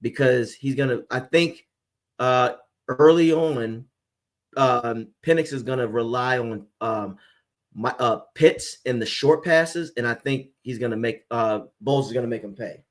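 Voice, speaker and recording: A man's voice: mid-range voice, unhurried. A man hosting a live sports fan stream, making emphatic game predictions and calling his co-host by name.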